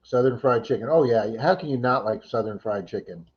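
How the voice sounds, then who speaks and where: A man's voice: mid-range voice, fairly quick. Chatty man hosting a lo-fi livestream. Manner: chatty, thanks viewers by name, laughs easily. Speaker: livestream host. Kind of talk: casual chat reading viewer comments.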